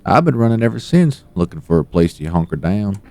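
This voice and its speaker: A man's voice: lowish voice, sing-song, fairly quick, a little mellow, no echo, voice pushed up. A man voicing an evicted, wary Southern woman with a folksy Southern US drawl who calls people darling.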